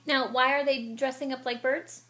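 A woman reading a children's picture book aloud with expressive storytelling, and she sometimes stops to explain the story. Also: sits high, moderate pace.

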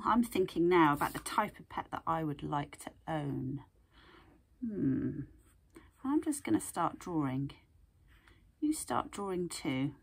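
A woman art teacher reading a picture book aloud and gently guiding young children to draw, asking them questions as she goes. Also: on the low side, sing-song, takes it slowly, husky.

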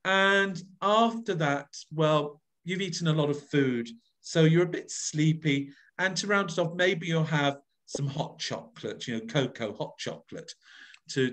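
A man runs a voice workshop over a video call, coaxing his group with playful, exaggerated demonstrations. His pitch sits a little high and leaps around with lively range. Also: a little slow. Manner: playful, coaxing, modelling each phrase with exaggerated expression. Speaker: voice workshop leader. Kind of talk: online voice workshop coaching.

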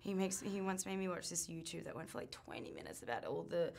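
Chatty aussie actress, slightly low voice, lots of likes and ums. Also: female voice, expressive, fast, vocal fry, a little mellow. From Australia. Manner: chatty, full of "like" and "um". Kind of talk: casual interview chat.

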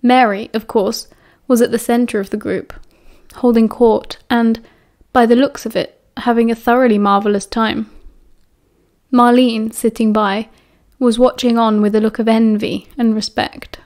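A British woman narrating a novel audiobook in a steady, even reading voice. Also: fairly high pitch, unhurried.

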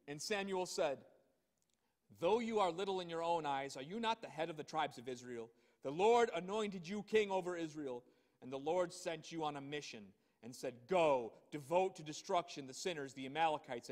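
A man with a high voice preaches, reading scripture with slow emphasis and stopping to ask pointed rhetorical questions. His voice rings out with a long hall reverb. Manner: reads scripture slowly and emphatically, then comments with rhetorical questions. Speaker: pastor.

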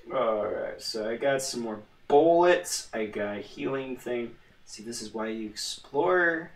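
A man's voice: medium pitch, animated, unhurried, far from the mic. A man hosting a gaming channel, giving casual let's-play commentary in a rambling, joking, self-mocking way, recorded in a roomy space with his voice away from the microphone. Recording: roomy echo, voice away from the mic.

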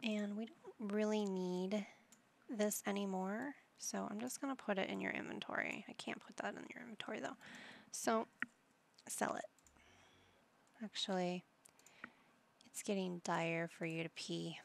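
A woman's voice: medium pitch, unhurried, creaky, long pauses. A woman giving casual commentary over her life-simulation gameplay, chatting to her game characters as she plays. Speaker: gameplay channel host.

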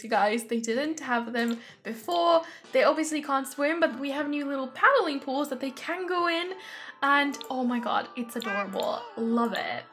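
High, lively, gushing young woman. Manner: gushing and excitable, frequent gasps. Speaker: gaming YouTuber. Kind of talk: game review commentary.

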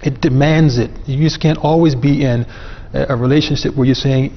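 A man's voice: mid-range voice, fairly even intonation, moderate pace, hardly any pauses. A man speaking as a guest on a panel, explaining religious ideas earnestly and with emphasis. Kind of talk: religious discussion. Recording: dull sound with long reverb.

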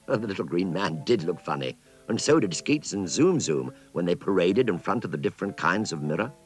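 A man narrating a children's story in an expressive, scripted storytelling manner. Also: deep voice.

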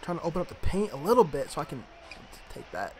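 A man's voice: fairly high pitch, very animated, quick pace. A young man casually commentating his own basketball video game, muttering, swearing and trash-talking the players on screen. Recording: home recording with clear background noise.

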